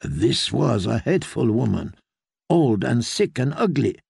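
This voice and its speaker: Man doing a soothing noblewoman, soft and coaxing, gravelly, dry close mic. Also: medium pitch, sing-song, a little slow, dry recording, heavily acted. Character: soothing foreign noblewoman, seductive confidante. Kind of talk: audiobook character voice.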